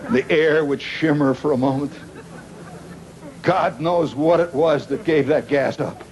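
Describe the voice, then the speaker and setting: A middle-aged man telling a rambling comic story to a live audience, wry and animated, with dramatic pauses and sound effects. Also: on the high side, a crowd in the background. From Indiana, United States. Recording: 1970s live recording with noisy audience.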